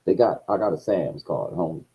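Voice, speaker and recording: Man, casual storyteller on a livestream, husky, profane, dull lo-fi audio. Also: lively intonation, normal speed. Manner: profane, swings between low mutters and loud outbursts. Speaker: streamer.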